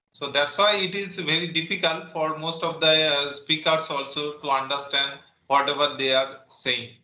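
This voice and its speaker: Indian man hosting an interview, very bright tense tone, echoey muffled room, keeps saying okay. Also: fairly high pitch. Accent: Indian English. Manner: repeats "okay", restarts phrases. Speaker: interviewer, English teacher. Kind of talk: conversational interview.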